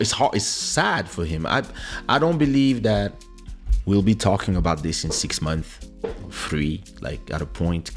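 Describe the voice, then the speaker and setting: A man hosting a podcast in casual chat, talking animatedly and acting out the people he quotes. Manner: animated, acts out quoted people with big pitch jumps. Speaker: podcast host.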